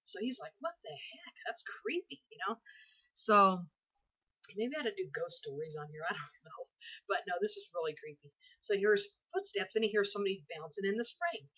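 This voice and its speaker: A woman's voice: mid-range voice, expressive, fairly quick, pushed and bright, husky, highs cut off. A tired woman in her forties telling a story to her camera from her bed at home, rambling and chatty with many asides. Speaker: vlogger. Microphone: built-in camera microphone.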